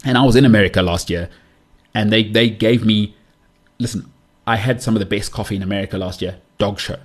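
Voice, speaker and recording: A man's voice: on the low side, fairly quick. A man from South Africa hosting his own podcast, ranting with strong, emphatic opinions and repeating his punchlines. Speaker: podcast host. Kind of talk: solo podcast rant.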